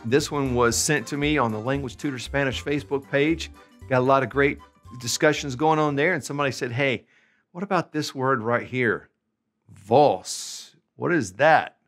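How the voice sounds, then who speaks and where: A man from the United States giving an upbeat, conversational online language lesson, slowing down to stretch out example words. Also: medium pitch, fairly bright tone, soft background music. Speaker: language teacher.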